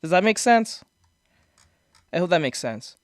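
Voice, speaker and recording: A man's voice: sits high, very animated, measured pace, no echo, studio quality. A man chatting casually on a stream, answering viewers and explaining things in a rambling way, restarting sentences and laughing at his own jokes. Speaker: streamer reacting to viewer comments. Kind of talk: casual live-stream chat. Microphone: desk microphone.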